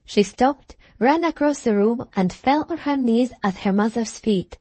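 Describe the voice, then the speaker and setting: A woman with a notably high voice narrates a classic novel as an audiobook. Her first-person reading is measured and expressive. The recording is completely dry, with no room sound. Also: no room sound.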